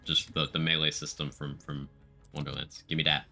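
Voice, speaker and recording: A man's voice: extremely low pitch, flat delivery, normal speed, vocal fry, pushed and bright, soft background music. A man streaming a video game, chatting casually about gear and reading out viewer comments as he plays. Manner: chatty, reads out viewer chat while playing.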